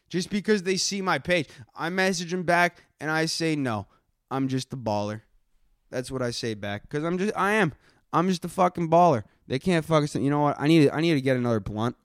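A man's voice: medium pitch, a bit bright, no room sound. Profane rambling man with dry close sound. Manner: crude, rambling, profane, stoned. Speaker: podcast host. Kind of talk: solo podcast rant.

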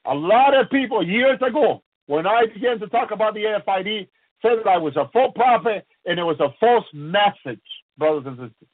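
A man preaching an impassioned sermon, fervent and halting, breaking into repeated prayerful refrains. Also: sits high, animated, dry recording. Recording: tinny phone-like line, dry.

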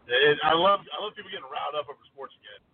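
A man calling in to a sports radio show, telling animated stories about football and his friends. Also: fairly high pitch, very fast, vocal fry. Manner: animated storyteller, does voices of friends. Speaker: caller. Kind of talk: casual sports talk. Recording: tinny phone line.

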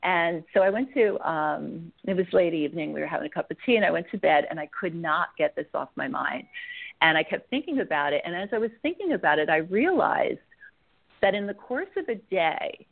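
A middle-aged woman with a lowish, gravelly voice talks as a podcast guest. She tells her own story in a candid, rambling way, full of fillers and restarts. Her voice comes through a thin, phone-like line. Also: animated, fairly quick. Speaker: guest author. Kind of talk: personal storytelling in a podcast interview.

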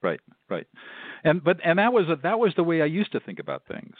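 A man's voice: on the high side, wildly swooping pitch, no echo. An older man, a mediator and law professor, explaining step by step as a radio interview guest. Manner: measured, instructive, repeats himself. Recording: tinny phone line.

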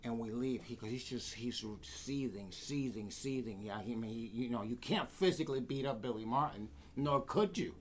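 Animated New man telling stories. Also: medium pitch, moderate pace, hardly any pauses, slight background noise. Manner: animated, acts out quoted voices. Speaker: guest storyteller. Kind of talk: casual anecdotes.

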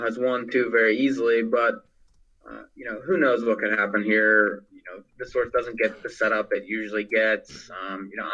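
A man's voice: fairly low pitch, sharp tone, lo-fi sound. A man on a racing panel giving his picks, hedging a lot with fillers. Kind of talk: casual handicapping talk.

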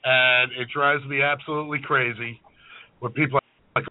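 A man's voice: mid-range voice, steady tone, moderate pace. A man chatting casually on a podcast, ranting bluntly and swearing freely about food customers. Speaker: chef and podcast host. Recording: narrowband phone-like sound.

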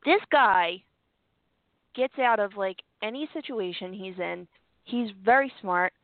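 Co-host, female, from Philadelphia, lively and giggly, heard over a thin phone-like line. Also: medium pitch, measured pace, no echo. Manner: animated, laughs often, chatty. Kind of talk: casual chat. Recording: tinny phone-like line, dry.

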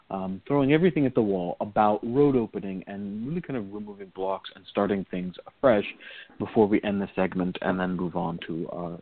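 A man co-hosting a call-in radio show, explaining things in a measured way with many fillers. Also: on the low side, no room sound. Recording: tinny phone-line audio.

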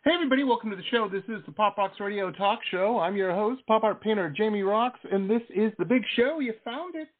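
Husky man hosting a phone-in radio show. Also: high voice, fast talker, few pauses, soft background music. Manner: enthusiastic, rambling with many fillers. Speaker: host. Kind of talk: casual radio talk show interview. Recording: phone-like radio talk line.

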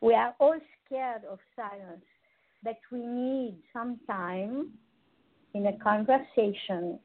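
A woman radio host and holistic coach speaks slowly and deliberately. She leaves pauses and asks her listeners rhetorical questions. Her rather high voice comes through a thin, phone-like line. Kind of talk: radio talk show monologue. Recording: tinny phone-line sound.

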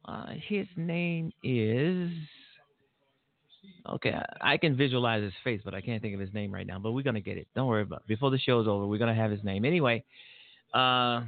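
A man's voice: medium pitch, brisk, vocal fry, dry recording, narrow, tinny audio. A man hosting his own political talk show, talking bluntly and profanely in a rambling monologue full of fillers and restarts. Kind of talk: casual political commentary monologue.

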